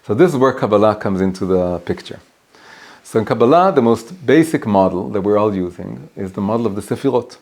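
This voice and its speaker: A man teaching a class as a rabbi, animated and often restarting his sentences while telling stories. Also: on the low side, brisk. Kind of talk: storytelling lesson. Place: private home.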